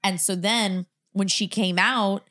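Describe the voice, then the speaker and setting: A woman's voice: mid-range voice, takes it slowly. A woman in her thirties co-hosting a podcast, telling funny family stories with lots of laughter. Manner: animated, laughing storyteller. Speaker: podcast co-host. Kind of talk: casual chat.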